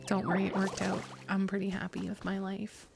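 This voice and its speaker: A woman talks loosely to her viewers while she plays a game, giggling and restarting her sentences. Her voice has a gravelly, fry-tinged edge, and her pitch sits in an ordinary middle range. Game music plays clearly underneath her. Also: monotone, brisk. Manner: chatty, giggly, rambling with restarts. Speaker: streamer. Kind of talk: casual gaming stream chat.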